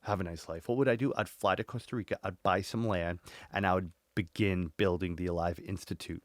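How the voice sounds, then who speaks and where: A man in his forties, a podcast guest, telling his story in a lively way and acting out his inner dialogue. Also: deep voice, a little fast, no room sound. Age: 40s. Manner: animated, acts out inner dialogue, swears casually.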